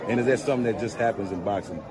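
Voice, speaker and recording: Male interviewer, probing, mid-pitched, crowd audible behind. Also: very fast. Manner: probing questions.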